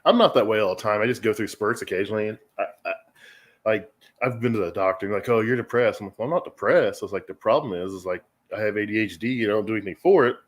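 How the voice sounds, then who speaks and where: Fast-talking low-voiced man, candid. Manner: candid, self-deprecating, rambling with restarts. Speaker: guest. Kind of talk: casual podcast chat.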